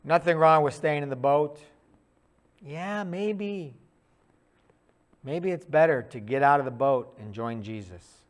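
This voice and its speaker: A man preaching a sermon in a conversational, animated storytelling way, acting out quick asides. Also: on the high side.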